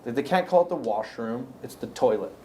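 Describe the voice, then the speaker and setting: A man's voice: medium pitch, expressive, brisk, warm tone, slight background noise. A middle-aged man from Canada, a podcast guest, telling work stories in a rambling, casual way with many restarts. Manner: rambling, anecdotal, frequent restarts. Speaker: podcast guest, construction company owner. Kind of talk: casual storytelling.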